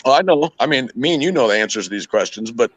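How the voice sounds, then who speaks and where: This podcast host's mid-range voice is animated and quick, though the audio sounds dull. In casual conversation he tells exasperated stories packed with swearing.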